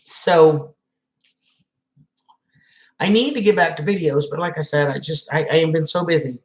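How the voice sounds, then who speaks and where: A woman's voice: low voice, moderate pace, darkish tone. A woman hosting a live stream, chatting casually and greeting viewers by name. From Southern United States. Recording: echoey room.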